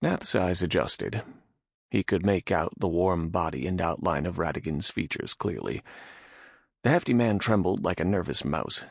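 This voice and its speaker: A man narrating a fantasy audiobook with lively storytelling delivery. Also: low-pitched, moderate pace, creaky, breathy edge, no room sound, studio quality.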